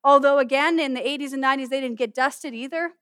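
A middle-aged woman pastor giving an animated, humorous sermon in a conversational way. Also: high-pitched, quick pace, dry recording, clean studio sound. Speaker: pastor and student chapel speaker. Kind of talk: sermon with object lesson.

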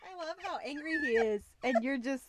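A woman's voice: sits high, lively intonation, brisk, noisy background. A woman co-hosting a podcast who teases her co-host and asks follow-up questions in a casual chat.

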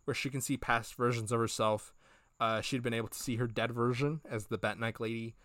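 A man co-hosting a podcast chats casually in review mode, retelling scenes in a rambling way and voicing the characters' lines. His medium-pitched voice is steady, fairly bright and a little fast. The recording is dry and studio quality.

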